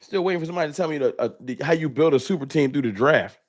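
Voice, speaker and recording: A man's voice: on the high side, racing. A man hosting a live stream, ranting heatedly and swearing with repetitive, emphatic points in a casual talk.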